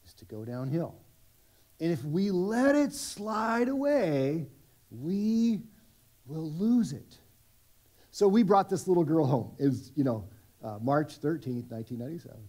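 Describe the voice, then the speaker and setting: A man's voice: fairly high pitch, big pitch swings, unhurried, pauses often, dark tone. A middle-aged man preaching a sermon at a church service, conversational and self-deprecating, with many restarts. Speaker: pastor.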